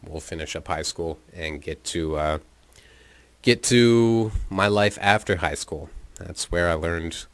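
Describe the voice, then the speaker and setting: A man's voice: sits low, fairly bright tone, clean tone, dry recording. A young man casually telling a story from his room, laid-back, amused and freely profane. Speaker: vlogger.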